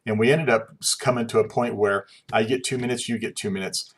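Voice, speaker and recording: Husky-voiced man giving a calm lecture. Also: fairly low pitch, brisk. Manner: calm, reflective, conversational with fillers. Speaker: instructor. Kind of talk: recorded class lecture.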